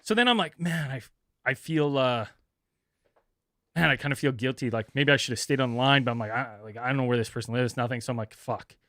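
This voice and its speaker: A man co-hosting a podcast, telling a story casually, swearing a lot and acting out the people he talks about in high voices. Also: fairly quick, fairly bright tone, no echo, studio quality. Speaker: podcast co-host.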